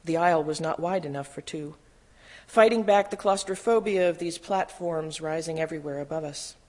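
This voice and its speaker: A reader steadily narrating a first-person memoir in a measured storytelling voice. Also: mid-range voice. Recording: long hall reverb.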